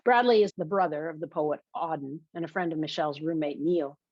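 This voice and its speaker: A woman's voice: low-pitched, fairly quick, darkish tone, no room sound. A woman narrating a first-person novel in a confessional, wry way, in a muffled lo-fi recording. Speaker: audiobook narrator. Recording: dull, dry lo-fi recording.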